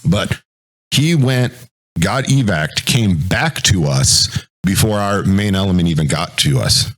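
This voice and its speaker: A military veteran talking casually on a podcast, telling a war story in a rambling, profane way and acting out what people said. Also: male voice, sits low, expressive, a little slow. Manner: acts out quoted voices.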